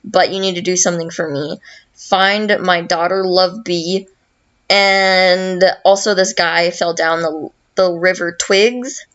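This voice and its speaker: A woman's voice: on the low side, fairly even intonation, slow pace, fairly bright tone, muffled recording. A woman voicing a bossy queen of the underworld from a video game, offhand and crude.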